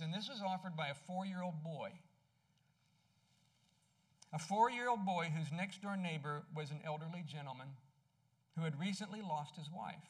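A pastor delivers a conversational sermon, putting questions to his congregation and turning soft and low whenever he shares personal stories.

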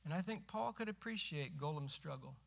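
A middle-aged man preaching a sermon as pastor, emphatic and rising to forceful cries when quoting scripture. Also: a little high, animated, brisk, vocal fry.

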